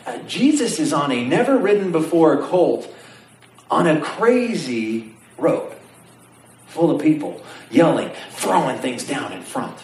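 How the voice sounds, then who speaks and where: Animated preacher in a roomy hall. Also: male voice, a little high, unhurried, slight background noise. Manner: animated storytelling preacher, asks the congregation questions. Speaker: pastor. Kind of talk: sermon. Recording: roomy sound from some distance, faint ambience.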